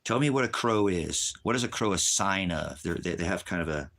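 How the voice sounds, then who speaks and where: A man's voice: sits low, expressive, a little fast, fairly bright tone. A man hosting a livestream, ranting at a viewer in the chat, insulting and repeating himself, stumbling when angry. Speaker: livestream host teaching homesteading.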